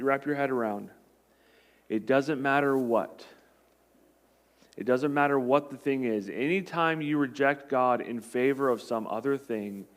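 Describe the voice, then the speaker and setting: A man preaching a sermon as a pastor, telling the story with animated swings between loud emphasis and hushed asides. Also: medium pitch.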